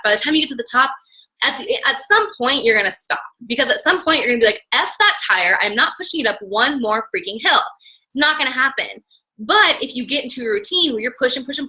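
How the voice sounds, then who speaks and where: A young woman giving an energetic motivational talk as a business coach, acting out inner voices and swinging between loud and soft. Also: fairly high pitch, rough recording.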